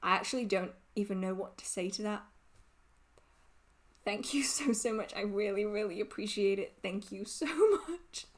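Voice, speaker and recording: A woman's voice: mid-range voice, fairly even intonation, normal speed, pauses often. A woman hosting a casual livestream Q&A, reading out viewer questions and answering them in a giggly, rambling, emotional way.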